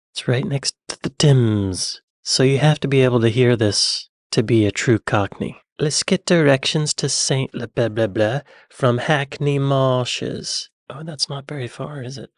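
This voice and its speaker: A man's voice: mid-range voice, no room sound, clean studio sound. An American man hosting a reaction channel, thinking aloud and asking puzzled questions in casual commentary. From United States.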